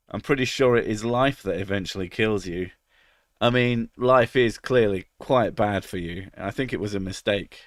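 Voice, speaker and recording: A low-voiced man with a cold, chatting loosely on a live stream. He jokes crudely as he reacts to chat, and the sound is dry and close. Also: unhurried, pauses often, no room sound. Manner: crude, joking, reads out chat. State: has a cold, about to sneeze.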